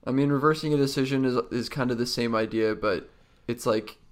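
A man's voice: medium pitch, a little fast. A man co-hosting a podcast, musing aloud in a hesitant, searching way, with frequent restarts. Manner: hesitant, thinks aloud with many likes and restarts. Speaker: podcast co-host. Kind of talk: casual chat.

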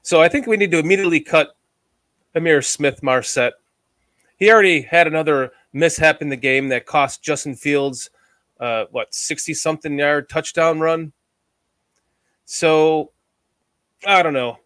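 A man's voice: on the high side, a little slow, long pauses, a bit bright, dry recording. A man from the United States hosting a casual sports podcast, chatty and rambling, with a self-deprecating streak. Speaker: podcast host.

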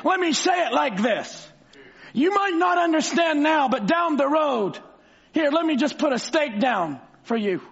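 A male preacher delivering a fervent sermon, bursting into shouts and stretching out words for emphasis. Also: very high voice, lively intonation, measured pace, vocal fry. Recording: slightly dull recording.

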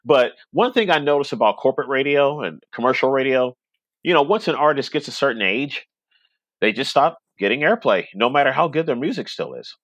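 A man's voice: mid-range voice, animated, a little fast, fairly bright tone, dry recording, dull audio. A middle-aged man chatting casually in a podcast conversation, rambling and laughing often. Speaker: web radio station owner, podcast guest.

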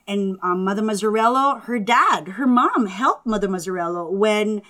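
A woman who is a Catholic religious sister and teacher, telling her story in an interview in an animated, earnest way. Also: mid-range voice, normal speed. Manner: animated, earnest, acts out family members' lines.

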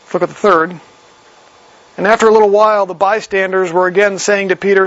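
A man's voice: high voice, steady tone, a little fast, fairly bright tone, no echo. A man preaching a sermon in a conversational way, reading verses aloud and explaining them. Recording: slightly dull lo-fi recording.

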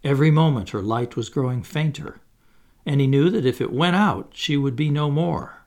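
A man narrating a children's storybook with an expressive, dramatic delivery that slows for suspense. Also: medium pitch. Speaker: audiobook reader.

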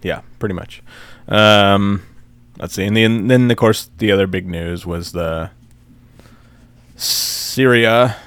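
A man with a low voice chats about the news in a measured way, hedging his points and pausing on filler words. The recording is close and dry, with no room sound. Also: fairly bright tone, clean tone, no echo. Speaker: podcast co-host. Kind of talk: casual political chat.

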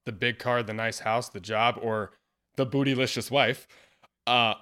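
Male podcast host, earnest and lively in casual discussion, laughs often. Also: mid-range voice, a little slow, smooth. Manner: earnest, laughs often, animated when quoting.

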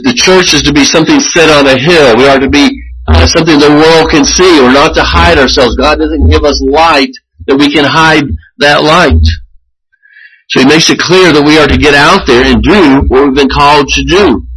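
A man preaching a sermon as pastor, earnest and measured, often restarting his phrases. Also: fairly high pitch, fairly bright tone, slightly rough, poor audio.

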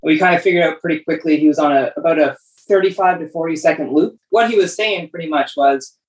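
A woman's voice: sits low, fast talker, reverberant, recorded from a distance, rough recording. A woman telling a story in casual interview talk, with plenty of fillers. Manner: chatty, with many fillers.

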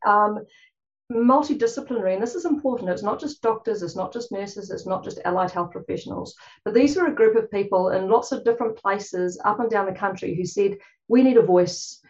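A woman's voice: medium pitch, highs cut off. Chatty New Zealand woman presenting. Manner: chatty, rapid, with many fillers and restarts. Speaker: clinician giving a conference talk. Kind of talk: conference presentation.

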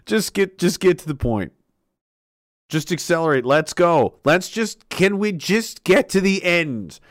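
Man, angry profane rant, sarcastic, lively pitch, shouted outbursts, dry sound. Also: measured pace, no echo.

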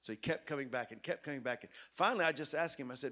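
A pastor telling a story in a sermon, earnest and repetitive, dropping soft and then rising loud. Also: male voice, medium pitch, racing, hardly any pauses.

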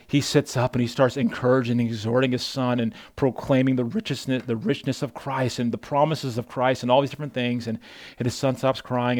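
A man who is a pastor, preaching an emphatic, exhorting sermon that swings from hushed to loud and often addresses the listeners as folks. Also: mid-range voice, no room sound.

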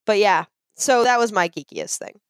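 Excitable young woman podcast host. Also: mid-range voice, normal speed, clear, resonant tone, no room sound. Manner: excitable, gushing storyteller, fond of self-described geeking out. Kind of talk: casual podcast chat.

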